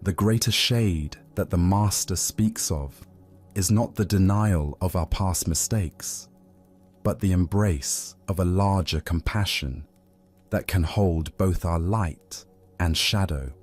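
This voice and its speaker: A man telling a Zen story as scripted narration for sleep, in a slow, soothing, even way. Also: sits low, breathy edge. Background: faint music.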